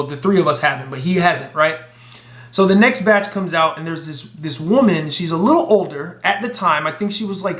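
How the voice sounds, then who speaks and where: Animated man telling a story, roomy sound. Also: on the high side. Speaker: vlogger. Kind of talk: casual storytime.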